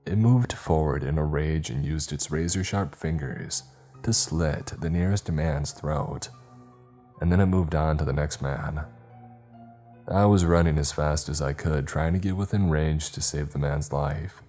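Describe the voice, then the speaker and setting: A man narrating a first-person horror story in a steady, grave manner. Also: extremely low pitch, a little slow, faint music behind.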